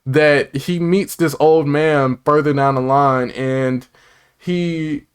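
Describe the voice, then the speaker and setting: A man casually recapping and reviewing a TV episode, rambling and excitable, with lots of filler words and side comments. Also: a little high, slow, clean tone.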